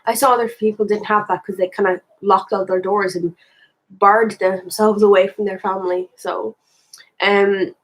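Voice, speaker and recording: Breathy Irish woman musing aloud. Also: medium pitch, steady tone, normal speed, rough recording. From Ireland. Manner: candid, rambling, thinks aloud with restarts. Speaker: spiritual vlogger. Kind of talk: casual reflective monologue.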